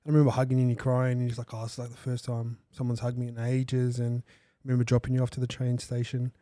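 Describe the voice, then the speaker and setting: A man's voice: mid-range voice, completely flat delivery, fast talker, dark tone, no echo, studio quality. A man hosting a podcast, talking in a casual, slangy way. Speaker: podcast host. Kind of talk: candid podcast conversation.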